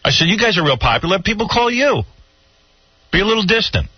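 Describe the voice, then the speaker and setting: Middle-aged man, radio host, exasperated ranting, fast talking, muffled radio sound. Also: high-pitched, sing-song, husky, no echo. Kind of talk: on-air radio banter. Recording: dull lo-fi radio broadcast.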